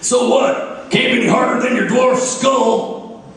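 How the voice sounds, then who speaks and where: A man's voice: extremely high pitch, steady tone, a little slow, a bit bright, pitched above the performer's own voice. A man voicing a wisecracking male dwarf prisoner in a storybook reading, joking nervously. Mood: cheeky. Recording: echoey hall, distant mic.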